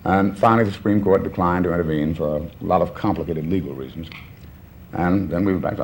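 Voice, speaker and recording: A man's voice: low voice, quick pace. A man in his fifties from New Orleans, a talk show guest chatting casually and recounting events with quoted back-and-forth dialogue. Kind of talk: casual chat. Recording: faint background hiss, 1960s television audio.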